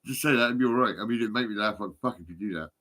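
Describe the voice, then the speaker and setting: A man's voice: lowish voice, racing, sharp tone. A man in his fifties rambling and swearing into his phone, laughing often. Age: 50s. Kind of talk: rambling phone vlog monologue.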